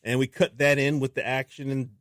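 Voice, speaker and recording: A man, a filmmaker guest on a radio show, talking in a casual, animated way and acting out what people said to him. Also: mid-range voice, brisk, no room sound, studio quality. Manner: animated storyteller who acts out quotes. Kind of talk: casual interview talk. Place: radio studio.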